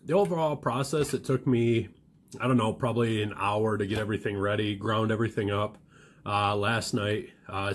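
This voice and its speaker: A man hosting a casual home cooking vlog, talking through his process in a relaxed way with many fillers and restarts. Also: lowish voice. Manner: talks while chewing at times. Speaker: home cook and channel host.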